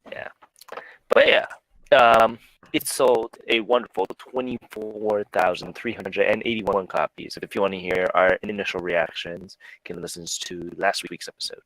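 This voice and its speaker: A man's voice: on the low side, steady tone, moderate pace, fairly bright tone, no room sound, poor audio. A man hosting a music podcast in casual chat, reading out chart rankings and sales figures and laughing often.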